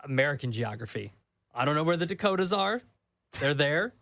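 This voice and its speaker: A man's voice: a little high, sing-song, brisk, a bit bright, no room sound. A man co-hosting a sports radio show, arguing his point insistently with a jokey edge. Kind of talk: casual sports radio banter. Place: radio studio. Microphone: studio microphone.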